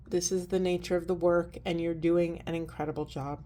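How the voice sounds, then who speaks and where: A woman giving a spiritual oracle card reading, talking softly and earnestly, wandering through her thoughts with many fillers. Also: on the low side, flat delivery, a little fast, few pauses. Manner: soft, earnest, meandering with fillers.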